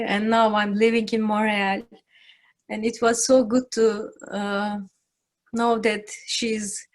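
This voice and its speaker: Slow, tearful woman remembering a friend. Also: medium pitch. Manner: halting, tearful, many pauses and restarts. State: crying. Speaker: memorial speaker. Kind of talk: emotional tribute on a video call. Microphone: video call.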